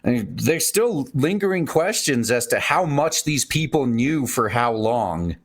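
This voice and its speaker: Dude guesting on a stream, opinionated, rambles on, kinda mocking, mid pitch. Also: male voice, very animated, a little slow. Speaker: guest on a livestream. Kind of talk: casual stream chat.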